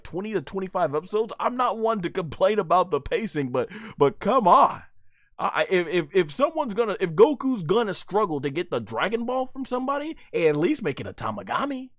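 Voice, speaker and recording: Exasperated male anime reviewer, lively pitch, dry close sound. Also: dry recording. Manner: animated, exasperated, repetitive. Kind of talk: live episode review commentary.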